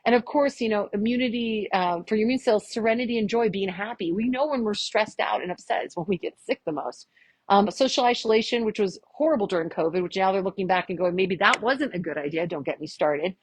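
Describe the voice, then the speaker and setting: A woman chiropractor giving a casual health workshop to a live audience, chatty and animated with quick asides and jokes. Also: mid-range voice.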